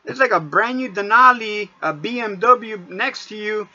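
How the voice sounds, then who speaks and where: A man's voice: sits high, moderate pace, sharp tone, lo-fi sound. A man ranting casually to camera in a heated, profane storytelling vlog. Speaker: vlogger.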